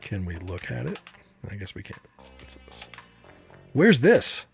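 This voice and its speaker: A man streaming a game, chatting casually and reading game text aloud in a relaxed, rambling way with frequent fillers. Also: lowish voice, measured pace, creaky, breathy edge, soft background music.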